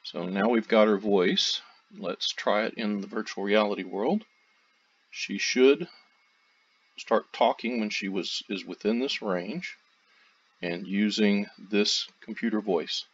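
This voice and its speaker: A man with a low voice narrating a screen-recorded software tutorial. He walks through each step in a relaxed, loosely phrased way. The audio sounds dull and lo-fi, like a basic desk mic. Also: slow, slightly rough.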